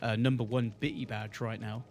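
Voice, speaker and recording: A man's voice: mid-range voice, little pitch movement, moderate pace, gravelly, a little mellow. A man co-hosting a live stream in friendly casual chat, laughing often and reacting to viewers. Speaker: co-host of a live-streamed tavern show.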